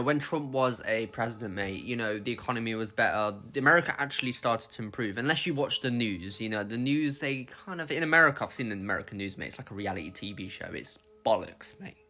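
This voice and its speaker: A man's voice: mid-range voice, a bit bright. Blunt, swearing British man. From United Kingdom. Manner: blunt and profane, says "mate" constantly. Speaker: vlogger. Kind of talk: casual opinion rant to camera.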